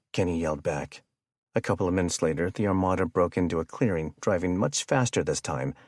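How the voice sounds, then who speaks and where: Male audiobook narrator, deep voice, steady measured read, dry close sound. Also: no room sound. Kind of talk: scripted narration.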